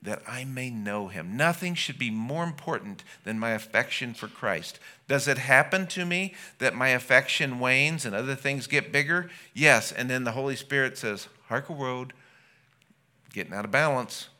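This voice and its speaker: A man preaching as a pastor, his voice very bright and forceful. He talks earnestly to his congregation and builds to impassioned exclamations. His pitch sits in an ordinary middle range. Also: lively intonation, moderate pace, few pauses. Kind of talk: sermon.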